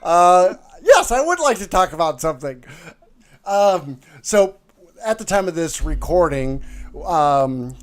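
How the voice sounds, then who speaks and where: A man's voice: sits high, very animated, measured pace. A man co-hosting a podcast in casual, comedic chat, rambling along with many fillers and jokes. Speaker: podcast co-host.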